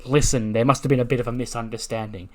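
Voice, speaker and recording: A man putting on an indignant wrestler, raised and loud. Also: mid-range voice, fairly even intonation, fast, lightly acted. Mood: baffled. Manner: exasperated rising rants.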